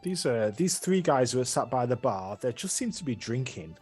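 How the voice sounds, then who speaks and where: A man with a husky voice runs a tabletop game as game master, describing scenes in a rambling, hesitant way. Faint music plays behind him. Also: mid-range voice, big pitch swings, moderate pace, darkish tone.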